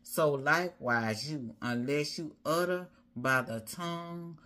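A woman's voice: sits low, slow, a bit bright. A woman preaching a sermon as a prophetess, rhythmic and repetitive, building her points through repeated phrases.

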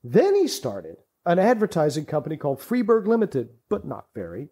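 A man with a high, mellow voice chats on a podcast mic, spinning anecdotes with real enthusiasm. He laughs easily as he goes, and his tone stays soft rather than bright. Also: huge pitch swings, normal speed, slightly rough. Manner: chatty, enthusiastic storytelling, laughs often. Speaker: podcast guest. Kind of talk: casual podcast chat. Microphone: studio podcast mic.

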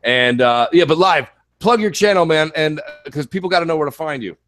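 A man with a slightly high voice and a quick pace hosts a casual gaming podcast. He rambles cheerfully and gives shout-outs. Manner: upbeat, rambling, hypes the community.

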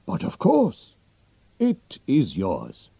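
A man's voice: medium pitch, wildly swooping pitch, drawn-out words, creaky, mellow, slightly rough, no echo, voice pushed up, heavily acted. A man doing an emotional, impulsive king. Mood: dramatic. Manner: exclamatory, dramatic.

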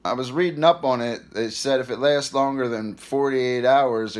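A man's voice: medium pitch, moderate pace, hardly any pauses. Weary hiccuping man in his thirties. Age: 30s. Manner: weary, rambling, stressed. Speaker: vlogger. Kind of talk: casual to-camera vlog.

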